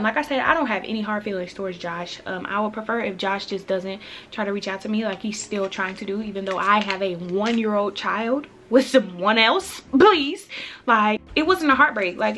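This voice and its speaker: A woman in her twenties chatting casually to camera, telling a personal story in an animated way and acting out her own past lines. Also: medium pitch, noisy background. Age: 20s. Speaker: vlogger.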